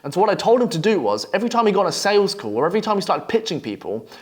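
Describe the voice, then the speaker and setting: Young man, higher-pitched voice, copywriting coach, swearing, blunt, storytelling lecture. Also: big pitch swings, racing. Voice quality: brash, swearing, storytelling delivery. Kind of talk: profane, blunt advice monologue.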